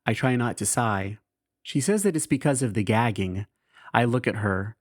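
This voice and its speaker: Here the podcast host sounds animated, speaking at a moderate pace in a mid-range voice as he reads his caregiving diary with wry frankness. He pokes fun at himself and swears offhandedly, captured in studio quality with no room sound.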